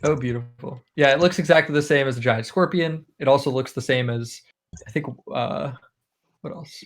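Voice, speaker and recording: A man's voice: mid-range voice, normal speed. A man with a New York accent playing in an online tabletop game, laid-back and a bit hesitant. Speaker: player. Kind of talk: casual tabletop game chat on a call.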